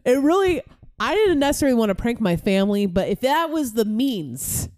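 A woman co-hosting a podcast, telling stories in an animated, casual way, swearing freely and laughing often. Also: a little high, a little fast, no room sound, clean studio sound. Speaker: podcast co-host. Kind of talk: casual chat.

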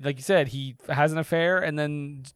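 Man with a smooth, fairly high voice. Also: fairly even intonation, moderate pace, no room sound, studio quality. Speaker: podcast co-host. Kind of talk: casual chat.

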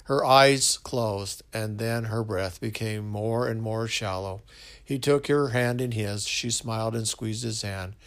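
Male storyteller, slow and measured, low gravelly voice. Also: a bit bright. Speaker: narrator. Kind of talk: story narration.

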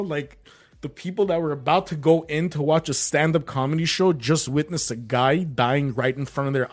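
Animated man who keeps saying "bro". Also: a little high. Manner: animated, says "bro" and "like" constantly. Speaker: comedian guest. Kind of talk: casual storytelling on a podcast.

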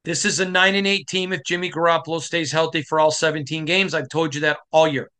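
A middle-aged man from Michigan hosting a sports podcast, giving a passionate, emphatic monologue that climbs to shouting. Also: fairly high pitch, steady tone, fairly quick, smooth. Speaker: podcast host.

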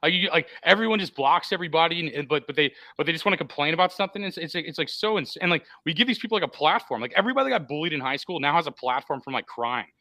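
A man's voice: a little high, animated, rapid-fire, few pauses, sharp tone, no room sound. A man hosting a live podcast, talking in a rambling, profane way with many restarts. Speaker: podcast host. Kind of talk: casual live podcast chat.

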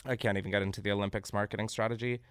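A man's voice: lowish voice, very fast, smooth, no echo, studio quality. A young man hosting a podcast, riffing on news stories in casual, sarcastic comedic chat, swearing freely. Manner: animated, sarcastic, swears freely, breaks into laughter. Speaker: podcast host.

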